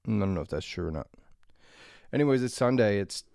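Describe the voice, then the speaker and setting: Tired, crude, gravelly-voiced male streamer. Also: lowish voice, expressive, a little fast, darkish tone, no room sound, clean studio sound. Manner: tired, rambling, crude and self-mocking. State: tired, clearing his throat. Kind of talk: casual morning stream chat. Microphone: desk mic.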